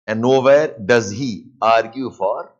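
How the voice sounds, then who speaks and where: A man with an Indian English accent teaching a live online class, dictating points and repeating them slowly, with Hindi asides mixed in. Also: mid-range voice, dull audio. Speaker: lecturer.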